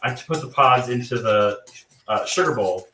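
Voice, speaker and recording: Bright-toned man, distant in an echoey room. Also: mid-range voice, lively intonation, moderate pace. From Southern United States. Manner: rambling, with many fillers and restarts. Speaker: guest cook. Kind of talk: casual chat while cooking. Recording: echoey room, distant from the mic, faint noise.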